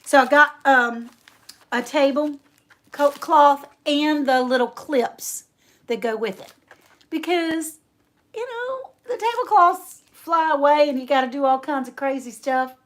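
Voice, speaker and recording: Female livestream host, slightly high voice, unhurried chatty delivery with frequent laughs. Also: fairly bright tone. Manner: chatty, laughs often, reads viewer names aloud. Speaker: homestead channel host. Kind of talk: casual livestream chat.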